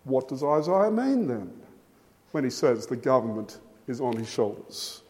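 A man preaching a sermon, emphatic, with his voice rising and falling for stress and measured pauses. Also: mid-range voice, big pitch swings, darkish tone. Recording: long hall reverb.

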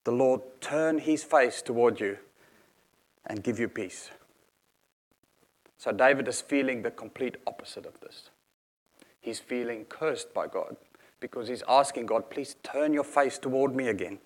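A man's voice: mid-range voice, unhurried, pauses often. A man preaching a sermon in an earnest, explanatory manner, reading scripture aloud and unpacking each verse.

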